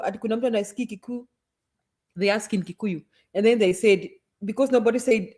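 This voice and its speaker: A woman with a Kenyan accent telling a story in casual chat, animated, switching between Swahili and English. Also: fairly high pitch, fast.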